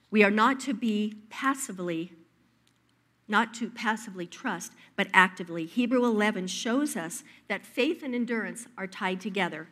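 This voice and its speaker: Woman preaching a lively story-filled sermon. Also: mid-range voice, normal speed.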